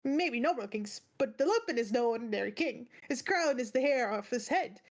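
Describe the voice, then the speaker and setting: A woman playing a pompous highborn talking arm. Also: animated, normal speed. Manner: pompous, highborn put-on accent.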